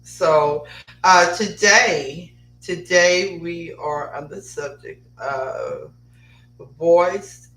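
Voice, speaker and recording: A woman's voice: lowish voice, drawn-out words, fairly bright tone, soft background music. A woman hosting a podcast with her son, chatting casually with many fillers and reading notes aloud. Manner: chatty, rambling, with frequent fillers. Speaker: podcast host and mother. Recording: roomy echo, distant mic, faint hum.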